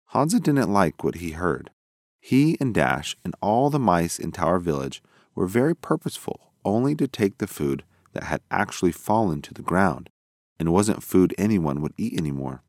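A man narrates a children's storybook in an expressive way. His voice is very deep and moves through a wide, lively range. The recording is close and dry, with no room sound. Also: normal speed, no room sound. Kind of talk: storybook reading.

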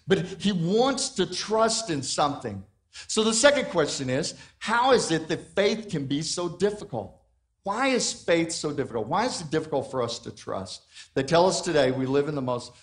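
A middle-aged man preaching a sermon, asking the congregation questions and swinging between soft and loud passages. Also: on the high side. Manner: dynamic preaching with questions and acted quotes. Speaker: pastor.

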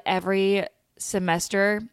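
A woman's voice: medium pitch, level tone, unhurried, clean tone, no echo, studio quality. A young woman hosting a podcast, telling a story in a candid way, swearing freely and laughing as she goes. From lived in Utah. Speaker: podcast host. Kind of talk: casual storytelling chat.

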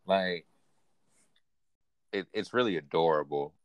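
Deep-voiced man in lively casual chat. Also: slow, dry recording, dull audio. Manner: animated, laughs often, quotes characters in raised voice. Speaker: podcast co-host. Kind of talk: casual anime recap chat.

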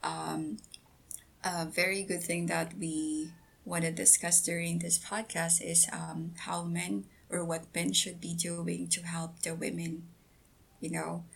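Husky, gravelly-voiced woman podcast guest. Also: fairly low pitch, little pitch movement, slow. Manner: hesitant, many ums and restarts, giggly. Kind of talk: casual podcast chat.

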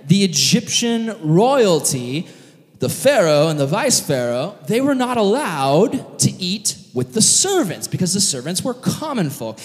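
A man with a high, very lively voice preaches a casual, joking sermon, retelling a story with lots of fillers. His voice carries the long echo of a church hall.

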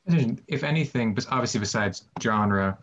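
A man's voice: mid-range voice, normal speed, fairly bright tone. A man hosting a casual podcast, asking long, curious questions. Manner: inquisitive, asks long questions. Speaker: podcast host. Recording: dull lo-fi sound.

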